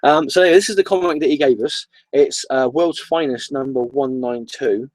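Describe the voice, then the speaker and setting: A man's voice: mid-range voice, normal speed, darkish tone, no room sound, poor audio. A man chatting casually on his comic book vlog, enthusiastic and rambling, often repeating himself.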